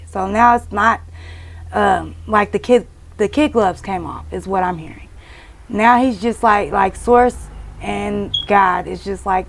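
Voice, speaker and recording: Woman doing a tarot reading, gravelly voice, cussing and scolding, real blunt. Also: medium pitch, a little slow. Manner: blunt, profane, scolding, emphatic. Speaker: tarot reader.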